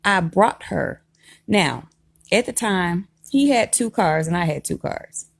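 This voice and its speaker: Brief: low, gravelly woman, lively emphatic storytime delivery. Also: measured pace, dry recording, studio quality. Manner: animated, emphatic, laughs while telling. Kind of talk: casual storytime vlog.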